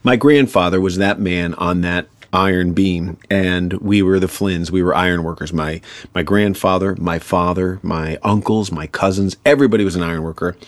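A man talking earnestly as an interview guest, reflective and a little halting. His voice sits low, and the recording is dry and close. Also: fairly even intonation, no room sound. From New York. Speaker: guest, actor and comedian. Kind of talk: interview conversation.

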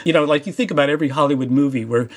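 Reflective male host, mid-high voice, lots of restarts. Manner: thoughtful, halting, many restarts. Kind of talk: interview.

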